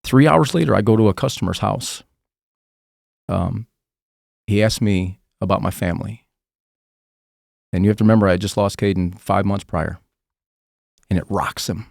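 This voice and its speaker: A man's voice: on the low side, normal speed, vocal fry, pauses often, darkish tone, no echo, studio quality. A man telling his personal testimony as a podcast guest, earnest, raw and emotional.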